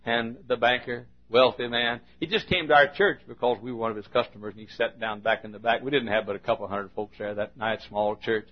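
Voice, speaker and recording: A man preaching a sermon in a church, swinging between shouted appeals and quiet asides. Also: medium pitch, steady tone, a little fast, hardly any pauses. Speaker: pastor. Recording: dull lo-fi sermon recording.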